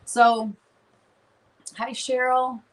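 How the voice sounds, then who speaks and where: A woman's voice: on the high side, flat delivery, very slow, poor audio. A woman hosting a live stream from her studio, chatting casually in a rambling way and laughing often.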